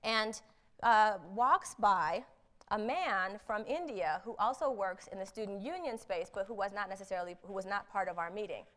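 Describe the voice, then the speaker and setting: A woman speaker on intercultural competence, telling a personal story in a lively way, acting out the people she quotes and laughing at herself. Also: mid-range voice, moderate pace. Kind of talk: storytelling talk.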